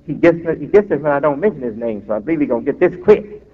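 A man's slightly high, expressive voice delivers an imam's sermon, emphatic and drawn-out with asides. The recording is tinny and set in a reverberant hall.

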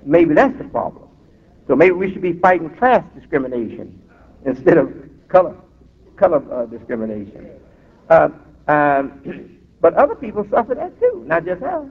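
A man preaching a sermon as an imam, emphatic and drawn-out, breaking off for asides, heard through a tinny recording in a reverberant hall. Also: a little high, sing-song, creaky, husky.

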